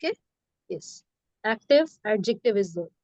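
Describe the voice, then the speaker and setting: A woman's voice: medium pitch, very animated, moderate pace, a little mellow, no room sound, highs cut off. A woman teaching English grammar, patiently repeating words and checking understanding, mixing in Hindi. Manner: patient, repetitive, often checks "okay?" and slips into Hindi. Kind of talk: classroom lesson.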